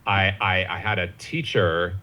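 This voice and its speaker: Halting, jokey man telling a story. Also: low-pitched, pushed and bright. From Ohio, USA. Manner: halting, many restarts and "you know what I mean", jokey asides. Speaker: podcast guest. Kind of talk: casual conversational storytelling.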